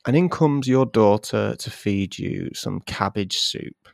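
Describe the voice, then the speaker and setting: A man with a low, gravelly voice spins absurd improvised stories, his pitch leaping all over as he giggles through them. He takes his time, unhurried and dry in a close, dead room. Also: no room sound. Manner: animated, playful, trailing into giggles. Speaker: podcast co-host. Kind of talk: improvised comic storytelling.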